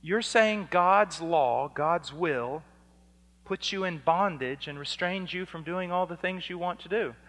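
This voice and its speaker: A man preaching a fiery sermon, dropping to a hush and then rising to shouts as he acts out exchanges. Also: high voice, unhurried. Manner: swings from hushed to shouting, acts out dialogues. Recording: long hall reverb.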